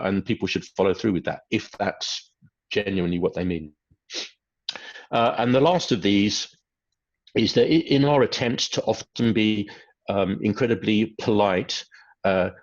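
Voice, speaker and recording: Man, gravelly voice, hesitant lecturer, dull lo-fi audio. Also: lowish voice. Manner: hesitant, many fillers, acts out quoted phrases. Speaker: webinar presenter on behaviour.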